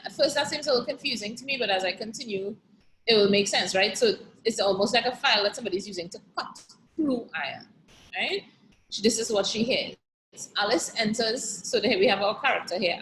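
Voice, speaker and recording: A woman's voice: mid-range voice, a bit bright, slight background noise, low-quality recording. A woman teacher reviewing an exam paper and reading a play extract aloud, explaining as she goes and often checking in with "right?".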